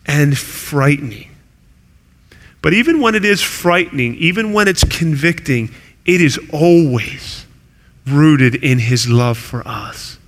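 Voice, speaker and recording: A man's voice: on the high side, pushed and bright. A man preaching a sermon as pastor, earnest and building to intense emphasis. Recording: preaching in a hall with long reverb.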